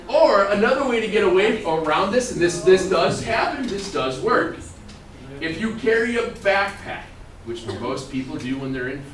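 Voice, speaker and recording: A high-pitched man, with a little hiss or hum on the recording, teaches a math class while joking and laughing often. He's playful and animated. The sound is echoey and distant, picked up in a classroom with students present.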